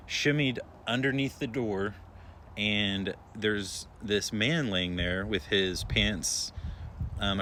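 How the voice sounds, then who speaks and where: A young man who works as an emergency room nurse tells a story in a relaxed, chatty way, with many filler words. His voice sits a little low. A faint hum is heard behind him. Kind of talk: casual storytelling to followers.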